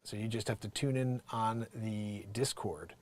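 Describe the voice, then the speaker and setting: A man's voice: lowish voice, steady tone, a little slow, darkish tone. A man hosting a comedy news show, rambling animatedly and laughing at his own bits. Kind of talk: casual comedic commentary.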